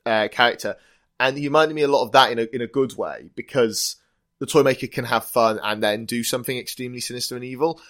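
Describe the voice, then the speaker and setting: A man's voice: mid-range voice, fairly bright tone. Enthusiastic man chatting on a podcast. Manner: enthusiastic, quick laughs, restarts mid-phrase. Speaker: podcast co-host. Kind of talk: casual chat reviewing a TV episode.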